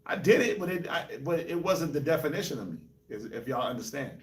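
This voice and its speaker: A man from New York, Colorado and Jamaica, hosting a casual group discussion, telling animated stories with laughs. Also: fairly high pitch, brisk. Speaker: host. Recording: echoey room, mic at a distance.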